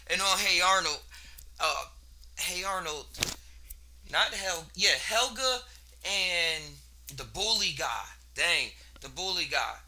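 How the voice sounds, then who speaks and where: A podcast host with a high, bright male voice muses casually in a solo monologue. He rambles in a laid-back, slangy way and laughs between thoughts.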